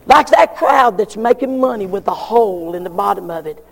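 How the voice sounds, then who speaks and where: A man preaching a sermon, emphatic, repeating his questions with long pauses. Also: sits high, lively intonation, creaky, big-room sound. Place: church.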